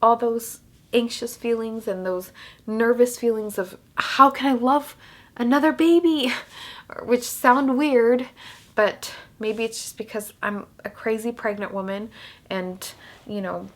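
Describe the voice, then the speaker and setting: A woman's voice: fairly high pitch, fairly even intonation, unhurried. A young woman vlogging casually, rambling with many fillers and restarts while she cries. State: crying. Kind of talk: emotional casual vlog talk.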